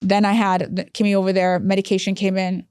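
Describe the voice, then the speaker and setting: A woman's voice: medium pitch, clean tone, no echo. A woman who runs a hospice, telling a long story in a podcast interview and acting out the dialogue as she goes. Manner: fast, animated storyteller who acts out dialogue. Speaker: hospice chief operating officer.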